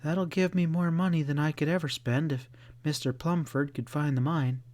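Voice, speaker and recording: A man voicing a cool-headed, determined young woman in an audiobook, raising his voice higher for her. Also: fairly even intonation, moderate pace, darkish tone, natural voice. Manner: raised pitch for a young woman.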